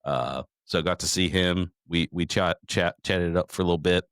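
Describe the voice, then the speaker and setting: Middle-aged male podcast host, deep voice, dry close mic, profane rambling storyteller. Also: fairly quick, vocal fry, a bit bright, clear, resonant tone, dry recording. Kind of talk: casual recap chat.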